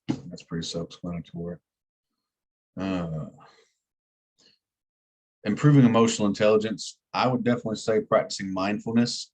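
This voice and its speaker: A man teaching an EMT class in a plain-spoken way, repeating key words for emphasis. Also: low voice. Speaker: EMT instructor. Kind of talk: classroom lecture.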